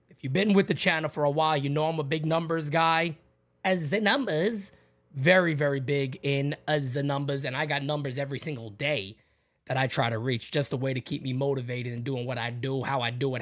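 A middle-aged man hosting a live stream, chatting casually and calling out viewers' names with loud, high-pitched greetings. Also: brisk. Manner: animated, jumps high and loud when greeting viewers by name.

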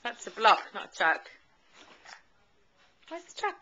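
A young mother at home, slowly coaxing her toddler to say words in an encouraging, sing-song way, filmed on a handheld camcorder. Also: on the high side, sing-song, bright, forceful tone, dull audio, slight background noise. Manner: slow, sing-song, encouraging baby talk.

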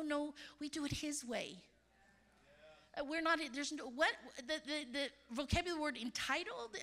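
A woman in her fifties preaching in a large church, swinging between loud exclamations and hushed asides. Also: high-pitched. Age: 50s. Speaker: conference speaker. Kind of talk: sermon.

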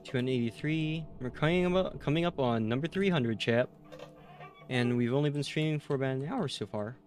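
A man streaming a horror game and talking to his chat in a mid-pitched voice. He sounds tired after a sleepless night and jumps to loud excitement when something startles him. Faint game music plays behind him. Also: moderate pace. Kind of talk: live gameplay streaming.

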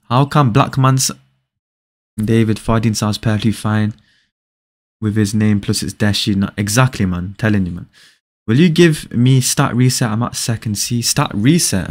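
A young man livestreaming a game, reading viewer comments aloud and answering them with playful teasing, often repeating short phrases in quick bursts. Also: fairly low pitch, a little mellow. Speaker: live game streamer. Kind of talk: casual live-stream chat.

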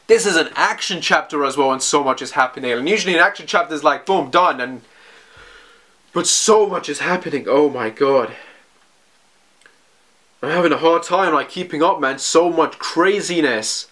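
Excitable man with a raised voice. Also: fairly high pitch, moderate pace. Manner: excitable, rambling, keeps saying "man". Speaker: manga reaction video host. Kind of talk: excited reaction commentary.

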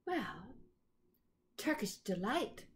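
A woman's voice: mid-range voice, big pitch swings, very slow. A woman voicing a timid, frightened young boy who answers meekly and politely. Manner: meek and polite.

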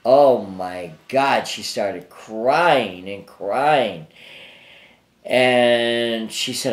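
A man's voice: mid-range voice, drawn-out words, roomy sound. An older man, a psychic guest, telling anecdotes in a rambling, casual way full of fillers and restarts, interviewed in his apartment.

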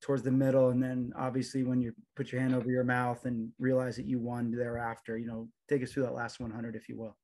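A man's voice: medium pitch, monotone, fast, few pauses, a little mellow. A man interviewing an athlete, asking friendly, rambling questions with frequent restarts. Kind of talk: casual sports interview.

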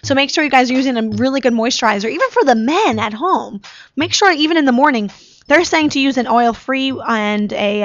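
A talk show host with a somewhat high, fairly bright voice spins stories in a loose, chatty style, leaning heavily on "like" and "you know." It's casual conversation, recorded dry, with the dull lo-fi sound of a live stream.

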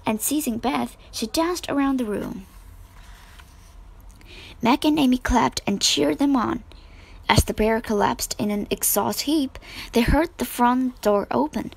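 A woman reading a children's storybook aloud with steady expression. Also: on the high side, a little slow, gravelly, husky. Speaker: narrator.

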